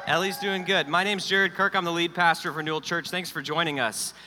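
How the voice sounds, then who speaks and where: Middle-aged male pastor, higher, crisp voice, preaching in a reverberant church hall. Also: a little fast, a little hiss or hum. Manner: energetic, joking, then quiet and personal. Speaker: lead pastor. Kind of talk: sermon.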